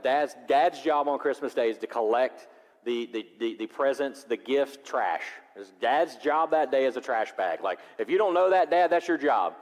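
Man preaching in a reverberant church hall. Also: mid-range voice. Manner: animated, swings from loud preaching to soft reflection. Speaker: pastor. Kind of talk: sermon.

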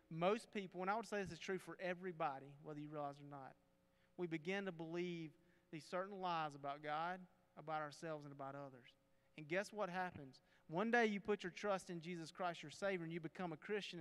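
A man giving an earnest devotional talk as a counselor, speaking straight to his listeners and dropping low and soft on key points. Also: clear, resonant tone. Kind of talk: sermon. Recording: long hall reverb.

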